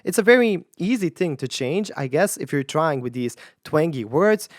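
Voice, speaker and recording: A woman's voice: low voice, expressive, moderate pace, no room sound, studio quality. A woman vocal coach talking casually while she reacts to clips and tries the exercises, often thinking aloud and hedging her opinions. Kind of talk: casual commentary with sung demonstrations.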